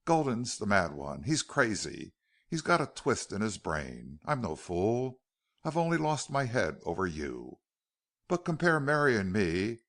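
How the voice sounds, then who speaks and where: Bitter outlaw boss, low and hard, voiced by a male reader; deep, gravelly. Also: fairly bright tone, heavily acted.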